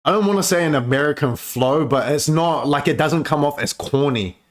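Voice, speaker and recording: A man's voice: a little high, brisk. A man giving casual, profane reaction commentary on music, chatty and laid-back with lots of filler words.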